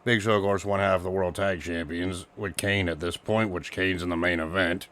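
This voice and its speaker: A man co-hosting a casual review chat, animated and quick to laugh as he steers the talk. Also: deep voice. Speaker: co-host reviewing wrestling.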